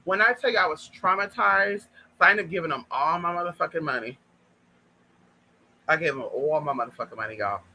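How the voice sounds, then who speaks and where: High, bright-voiced man telling a story. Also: a little fast, a little hiss or hum, poor audio. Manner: animated, profane, keeps addressing listeners as girl and y'all. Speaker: vlogger. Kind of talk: casual storytime monologue.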